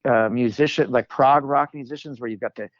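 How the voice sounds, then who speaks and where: A man's voice: mid-range voice, steady tone, brisk, dry recording, lo-fi sound. A man, a comedic actor, telling stories as a podcast guest in casual chat, rambling with many fillers and restarts and acting out the people he quotes.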